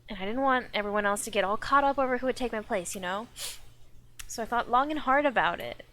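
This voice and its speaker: A woman's voice: on the high side, quick pace, sharp tone, slight background noise. A woman voicing a young man who founded a gang and now wants out, speaking hesitantly. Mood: wistful. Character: young male former gang founder, wistful.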